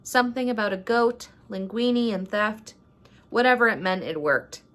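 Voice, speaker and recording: A woman vlogger reading a rhyming picture book aloud at home at night, in an unhurried storytelling way, then chatting casually. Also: medium pitch, fairly bright tone. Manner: unhurried storytelling, laughs between lines.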